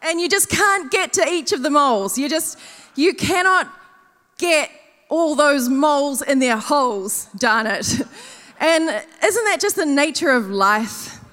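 A woman's voice: sits high, a little slow, long reverb tail. A woman giving a sermon at a conference, telling funny everyday stories and acting out what people said. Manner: animated, self-mocking storytelling with acted-out quotes. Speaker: conference speaker. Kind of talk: storytelling sermon.

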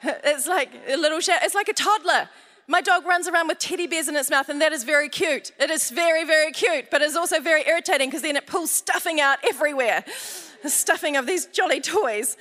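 An Australian woman pastor preaches with lively humor, turning her family stories into lessons and drawing answers from the congregation. Her voice sits high and bright, and it rings out through the long reverb of a large hall. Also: brisk. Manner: humorous storytelling with audience call-outs. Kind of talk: sermon.

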